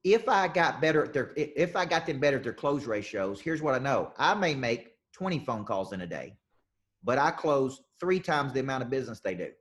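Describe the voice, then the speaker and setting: A man running a live sales coaching session, talking in an energetic, punchy way and repeating questions for emphasis. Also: mid-range voice, a little fast. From southern United States.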